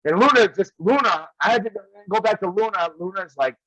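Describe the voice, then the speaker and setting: A wrestling guest tells old road stories in casual chat, laughing often as he goes. His high voice is brisk, pushed and bright with lively intonation, and there's no room sound, though the recording is dull and lo-fi.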